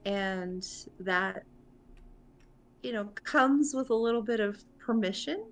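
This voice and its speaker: A woman takes her turn as a player in a tabletop game. She speaks slowly and hesitantly, thinking aloud before she commits. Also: medium pitch. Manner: thoughtful, hesitant, slow. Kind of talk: tabletop role-play.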